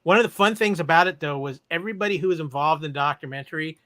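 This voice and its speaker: A man's voice: fairly high pitch, racing, a bit bright, dry recording. A man co-hosting a podcast, talking about movies with playful sarcasm. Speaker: podcast co-host. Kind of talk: casual chat reviewing movies.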